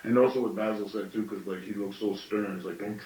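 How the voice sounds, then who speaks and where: Storyteller, male, late thirties, slightly deep, musing teaching talk, recorded far off in an echoing room. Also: steady tone, fast, a little mellow. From Canada. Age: late 30s. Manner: thoughtful, with self-questioning asides.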